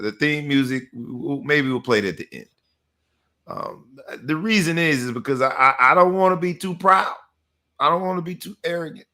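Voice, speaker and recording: A man hosting a sports talk podcast with energetic, rhythmic hype delivery. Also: lowish voice. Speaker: podcast host.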